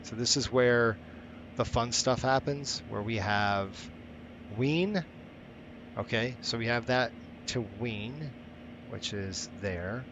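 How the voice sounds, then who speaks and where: A man's voice: fairly low pitch, background noise. A man hosting a live stream, thinking aloud as he sets things up and chatting with viewers between steps. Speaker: flight sim streamer.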